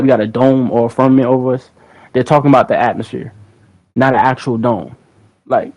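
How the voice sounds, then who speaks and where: A man's voice: mid-range voice, a little mellow, low-quality recording. A young man hosting a livestream, chatting casually to his viewers in a rambling, slangy way, often repeating words. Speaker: livestream host.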